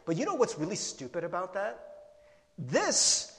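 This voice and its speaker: A man's voice: high voice, quick pace, in a large hall. A man preaching a sermon to his congregation, playful and self-mocking, acting out panic at times. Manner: animated, playful, acts out panic with rising shouts. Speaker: pastor.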